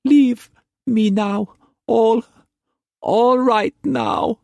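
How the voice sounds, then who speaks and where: A man voicing a frightened, fragile young woman who speaks in halting, tearful phrases in an audiobook. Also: very high voice, fairly even intonation, vocal fry, a little mellow, dry recording, voice pushed up, full character voice. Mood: pleading.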